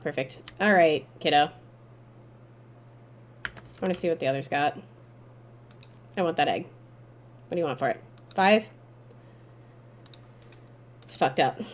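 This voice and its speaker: A woman giving gameplay commentary, excitable and swearing freely, breaking into frustrated yells, then calmly explaining in a recap. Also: low-pitched, a little hiss or hum. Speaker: gaming YouTuber.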